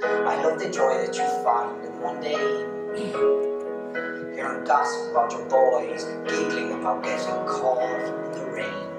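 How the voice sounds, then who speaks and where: An Irish man reciting spoken word poetry at a mid-range pitch, rhythmic and heartfelt, with joking asides in between. He sounds far from the mic in a very echoey hall, with music playing behind him. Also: fairly even intonation, unhurried. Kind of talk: live spoken word performance with stage banter. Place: arts centre stage before an audience.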